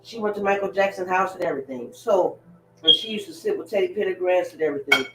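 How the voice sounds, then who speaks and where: A woman's voice: on the low side, quick pace, bright, forceful tone, recorded from a distance, faint music behind. A woman hosting a livestream, rambling bluntly through stories with loose profanity while cleaning in her kitchen. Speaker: livestream host. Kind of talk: rambling casual monologue. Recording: roomy, off-mic with kitchen clatter.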